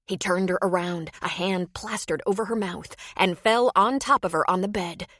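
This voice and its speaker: A woman narrating a romance audiobook in measured scripted storytelling. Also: on the low side, fairly bright tone, no room sound, clean studio sound.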